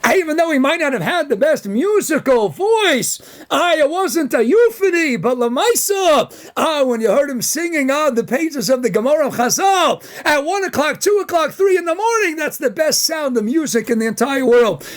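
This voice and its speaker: A man, a rabbi from the United States, giving a Torah lecture in an animated way, firing off rhetorical questions. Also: extremely high pitch, moderate pace, hardly any pauses.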